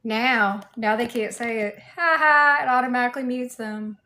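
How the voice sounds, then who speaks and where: Southern lady on a livestream, kinda high voice, sassy and chatty, greeting everyone in chat. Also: little pitch movement, moderate pace. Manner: playful, sassy, chatty, greets viewers warmly. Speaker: livestreamer in cosplay. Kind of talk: casual livestream chat reading viewer comments.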